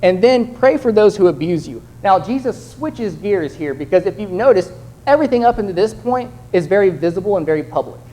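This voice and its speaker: A man's voice: high voice, expressive, brisk, dark tone, low-quality recording. A young man preaching a sermon in a conversational way, acting out the voices of the people in his examples. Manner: conversational, acts out quoted voices.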